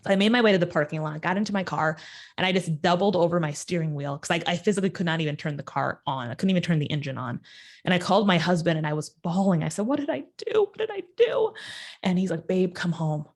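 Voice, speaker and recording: Woman, storytelling guest, lowish voice, animated, jumps in pitch on quoted lines. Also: fast talker. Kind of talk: personal storytelling in an interview.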